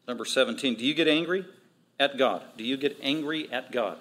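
A male pastor preaching a sermon, emphatic and repetitive, with quick asides. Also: medium pitch, a bit bright.

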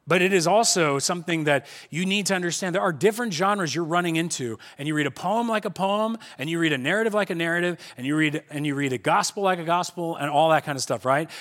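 A man's voice: sits high, a bit bright. A man in his forties preaching a sermon in a conversational way, often stopping and restarting his sentences. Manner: conversational, self-interrupting with restarts. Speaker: pastor. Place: church hall.

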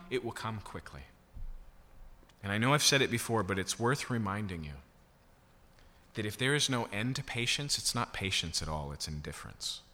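A man's voice: fairly low pitch, bright, forceful tone. A man preaching a sermon, teaching in a conversational way and checking in with rhetorical questions. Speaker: pastor. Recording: reverberant hall.

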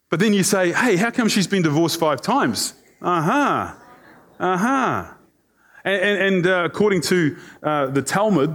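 Male pastor, slightly raised voice, lively and conversational, playful asides to the congregation. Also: a little high. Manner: animated, conversational, joking with the congregation. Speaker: preacher. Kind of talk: sermon.

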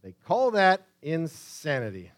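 A male pastor preaching a sermon, reading scripture with dramatic pauses and swinging from loud, urgent pleas to hushed near-whispers. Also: fairly high pitch, wildly swooping pitch.

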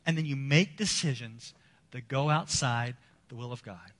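A male pastor preaching a sermon, swinging between loud emphasis and hushed low passages. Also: moderate pace, in a large hall.

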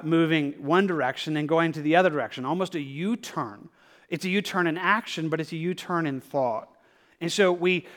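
A man's voice: on the high side, fairly bright tone. A male pastor giving a verse-by-verse sermon in an earnest, conversational way, often acting out the inner voice of a believer and restarting his sentences. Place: church sanctuary.

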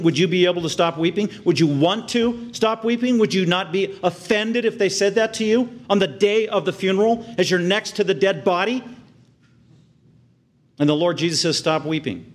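A man preaching a sermon with earnest conviction, dropping to hushed tender lows and rising to loud, excited highs as he acts out the scene. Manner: acts out the crowd's outraged reactions in a raised voice. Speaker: pastor.

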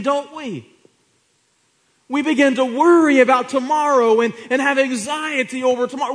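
A man preaching a sermon, swinging from hushed to loud, with repeated rhetorical questions to the congregation. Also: very high voice.

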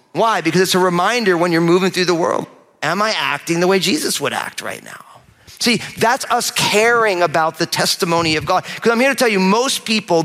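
A middle-aged man from New Jersey preaching a sermon as pastor, lively and conversational, acting out quoted voices as he goes. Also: on the high side. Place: large church auditorium. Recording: long hall reverb.

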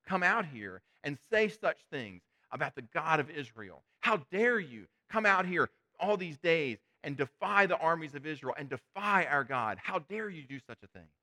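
A man's voice: on the high side, expressive, a little fast, pushed and bright. A man voicing a confident young shepherd hero standing up to a giant, while retelling it in a sermon. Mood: defiant. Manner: defiant, fired up.

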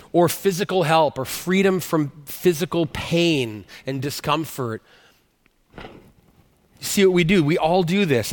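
Man, pastor, conversational sermon, high voice, long hall reverb. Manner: conversational preaching with frequent restarts and questions to the congregation.

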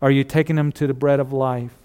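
A man preaching a sermon, earnest and steady, repeating key phrases and dropping to a hush on solemn lines. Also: mid-range voice, a little fast, smooth. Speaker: pastor.

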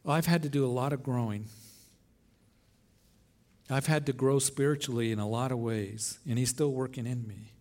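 A man's voice: mid-range voice, fairly even intonation, normal speed, long pauses, a little mellow. A middle-aged man preaching a sermon as pastor at an outdoor service, earnest and emphatic, with rising phrases.

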